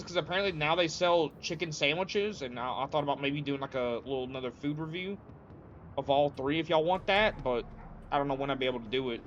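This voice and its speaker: A man's voice: a little high, fairly quick, a bit bright, a little hiss or hum. A young man streaming a game, chatting loosely with his viewers in a rambling, laid-back way. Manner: rambling, laid-back, says "dude" often. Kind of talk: casual chat with viewers while playing. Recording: lo-fi, dull sound with faint music.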